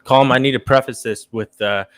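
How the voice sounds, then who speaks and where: A man's voice: mid-range voice, steady tone, moderate pace, slight background noise. A man co-hosting a casual sports podcast, joking and playfully combative. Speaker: podcast co-host.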